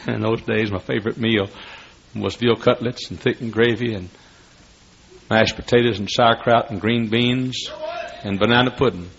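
A man's voice: on the low side, fairly even intonation, moderate pace, gravelly, slightly rough. An older man, preaching a sermon through folksy, dramatic storytelling. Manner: folksy, dramatic, building to shouts. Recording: muffled lo-fi recording.

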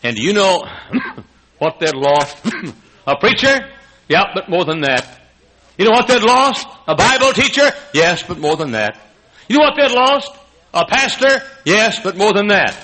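An older Texan pastor preaches in a gravelly, bright voice, his pitch leaping about freely. He drops to hushed, tender lows, then climbs to high shouted peaks, chuckling between lines. A faint hiss sits under the recording. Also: sing-song, normal speed, low-quality recording. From Texas. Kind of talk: sermon.

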